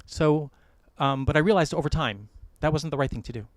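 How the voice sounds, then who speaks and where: American male wedding officiant, middle-aged, quick and dry-miked, playful advice-giver. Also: on the high side, no room sound. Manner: warm joking advice, gentle storytelling. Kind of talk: wedding ceremony address. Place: outdoor or hall wedding ceremony.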